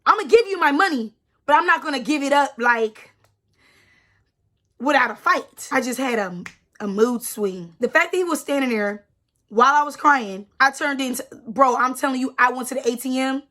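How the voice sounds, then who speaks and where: A woman's voice: sits high, animated, moderate pace, fairly bright tone. A young woman in her twenties telling a personal story in a casual vlog, emphatic and repeating herself with lots of "like". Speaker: storytime vlogger.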